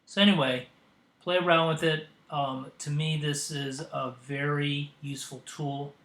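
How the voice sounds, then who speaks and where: A man hosting a software tutorial, demonstrating as he goes and pausing often with ums and uhs. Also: fairly high pitch, level tone, roomy sound. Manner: hesitant, with frequent ums and uhs. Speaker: tutorial host. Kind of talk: screen-recorded software tutorial.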